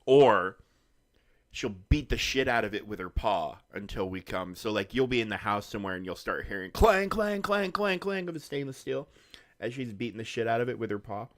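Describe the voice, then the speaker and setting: A man with a low voice talks on a live game stream. He chats casually and rambles from one topic to the next. Now and then he drops a curse word without thinking. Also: animated, fast talker, few pauses, fairly bright tone. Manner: rambling, chatty, swears casually. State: hiccups. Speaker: gaming streamer.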